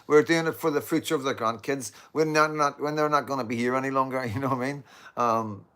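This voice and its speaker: With a medium-pitched voice that sounds pushed, bright and smooth, this Northern Irish man talks quickly in a loose monologue for his online audience. He swears, keeps saying "you know what I mean," and his dogs are around him at home.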